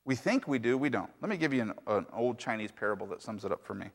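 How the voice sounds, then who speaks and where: A middle-aged male pastor preaching and telling a parable, dropping soft and slow then rising loud and high for emphasis. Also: animated, vocal fry. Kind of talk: sermon with storytelling. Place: church sanctuary. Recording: long reverb of a large hall.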